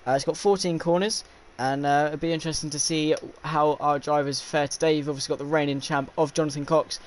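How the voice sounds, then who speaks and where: A young man commentating a sim racing league stream, with many fillers and pauses. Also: a little high, steady tone. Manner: filler-heavy, hesitant play-by-play. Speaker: lead commentator.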